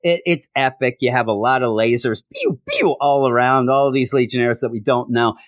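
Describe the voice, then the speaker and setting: A man's voice: medium pitch, steady tone, brisk, no room sound, studio quality. A man casually reviewing a comic book, sarcastic, reading out lines in mocking voices.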